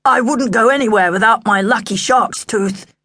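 A woman's voice: on the high side, moderate pace, sharp tone, pitched above the performer's own voice. A woman voicing a boastful, show-off young boy with a swaggering, self-important manner.

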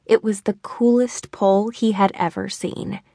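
A woman narrating a mystery novel with an even storytelling delivery. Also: medium pitch, a little slow, dry recording, clean studio sound. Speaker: audiobook narrator. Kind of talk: scripted narration.

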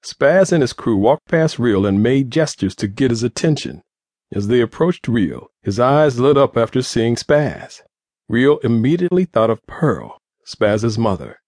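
A man narrating an audiobook in a steady, even storytelling manner. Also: mid-range voice, unhurried, no room sound, clean studio sound.

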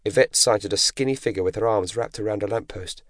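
A man narrating an audiobook in a measured, dramatic storytelling manner. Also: lowish voice, no room sound. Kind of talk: scripted narration. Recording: dry close studio recording.

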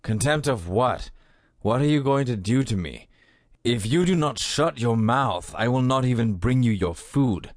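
A man's voice: medium pitch, expressive, unhurried, no room sound, close to an everyday voice. Man voicing a mocking prison guard, sneering, dry close sound. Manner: sneering, taunting. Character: mocking jailer guard, scornful adult man.

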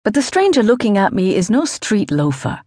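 A woman's voice: medium pitch, big pitch swings, moderate pace, mellow, dry recording. A young woman narrating a novel in the first person, with composed and descriptive storytelling into a close studio mic. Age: young adult. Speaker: audiobook narrator.

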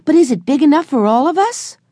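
A woman doing a shouting, excited little boy. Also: high voice, fairly quick, no room sound, clean studio sound, pitched above the performer's own voice.

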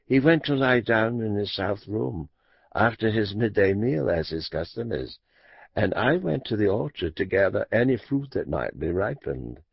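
A man's voice: on the low side, expressive, measured pace, creaky, hardly any pauses, dry recording, exaggerated voice. A man voicing a frightened, faded foreign woman who speaks with a lisp, read in an audiobook. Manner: lisping, timid. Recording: dull lo-fi audiobook recording.

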